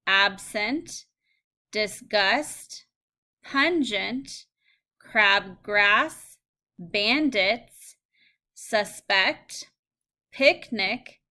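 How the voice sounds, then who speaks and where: Woman teacher, slow careful dictation, bright tone, recorded phonics lesson. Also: mid-range voice. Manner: slow, clear word-by-word dictation.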